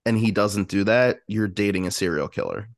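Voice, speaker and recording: Young man, podcast co-host, casual chat, lowish voice, dry close sound. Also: moderate pace, no echo. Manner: chatty, puts on baby talk for his dog.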